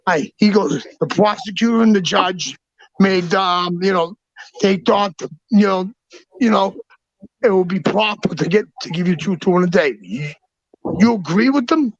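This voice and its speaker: A man telling rough personal stories in a loud, profane, emphatic way, often restarting his sentences. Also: high-pitched, dry recording. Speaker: guest. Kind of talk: casual storytelling. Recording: dull, dry lo-fi sound.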